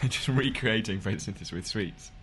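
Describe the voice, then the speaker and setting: A man telling an improvised comedy story with dry, deadpan quips as a podcast co-host. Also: fairly low pitch, moderate pace, breathy edge.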